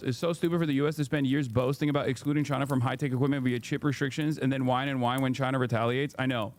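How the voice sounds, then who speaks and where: A man's voice: mid-range voice, steady tone, fast. A man in his thirties giving casual political commentary in a profane, ranting streamer style.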